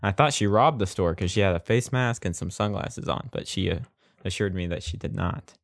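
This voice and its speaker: A man's voice: low-pitched, brisk, gravelly, no room sound, studio quality. A young man co-hosting a casual podcast chat, laid-back and rambling. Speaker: podcast co-host.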